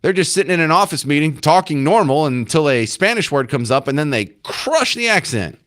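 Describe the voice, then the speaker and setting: A man's voice: fairly high pitch, lively intonation, a little fast, a bit bright. A male talk radio host commenting sarcastically and acting incredulous at clips.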